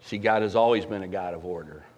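A man preaching a sermon as pastor, emphatic and animated, swinging between loud swells and quiet drops. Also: deep voice, fast talker.

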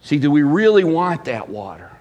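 A man preaching a sermon as pastor, animated and swinging between loud emphasis and hushed asides. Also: on the high side, moderate pace, in a large hall, muffled recording.

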